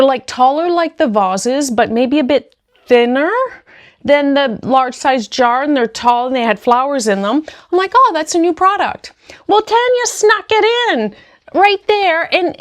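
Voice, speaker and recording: A woman with a fairly high voice chats to camera as a puzzle vlogger. She sounds emotional and grateful and keeps repeating her thanks. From New Zealand. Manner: talks to her dog in a high baby voice. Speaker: jigsaw puzzle YouTuber. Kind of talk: casual vlog chat to camera.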